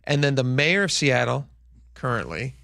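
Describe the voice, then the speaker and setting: A man co-hosting a radio show, joking in casual banter with deadpan mock outrage, in a radio studio on a studio microphone. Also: mid-range voice, moderate pace, vocal fry, dry recording.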